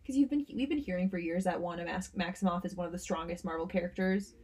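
A woman co-hosting a casual podcast chat. Her voice is husky and a little breathy, and she delivers her jokes in a dry, deadpan way. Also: fairly low pitch, fast. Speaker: podcast co-host.

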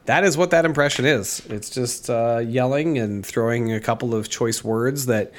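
A man co-hosts a laid-back podcast chat while getting over a head cold, so his voice comes out a little gravelly. He rambles along with a jokey, self-mocking humor in an ordinary middle pitch. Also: normal speed. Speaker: podcast co-host.

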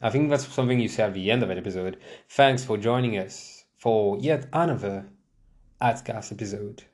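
A man's voice: fairly low pitch, normal speed, darkish tone. A young man hosting his own podcast, rambling casually and mocking himself as he talks from a chair at home. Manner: rambling, self-mocking, many restarts and laughs. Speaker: podcast host. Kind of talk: casual solo podcast chat. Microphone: desk microphone, seated in a chair.

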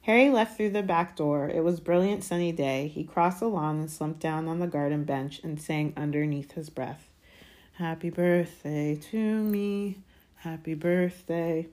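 A woman with a lowish voice narrates a chapter aloud. Her delivery is steady and expressive, in audiobook style. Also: normal speed, few pauses. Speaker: audiobook reader. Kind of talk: audiobook reading.

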